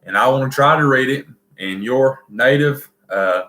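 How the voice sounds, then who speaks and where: A man's voice: mid-range voice, moderate pace, pushed and bright, roomy sound, a little hiss or hum, low-quality recording. A man with a Southern US accent hosting a casual livestream, folksy and rambling as he reads viewer comments. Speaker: livestream host.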